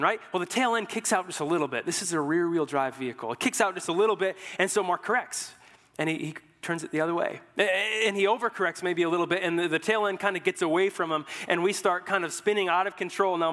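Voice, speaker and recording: A man's voice: sits high, bright, forceful tone, long reverb tail. A young man preaching a sermon as pastor, telling stories in a loose, joking way through a headset mic. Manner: storytelling, informal and joking. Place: church hall.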